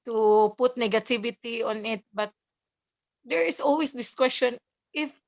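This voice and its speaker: Woman, Filipino accent, high-ish voice, searching for words, emotional interview guest. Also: darkish tone. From Philippines. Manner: halting, mixes English and German, laughs through tears. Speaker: guest, nurse working abroad.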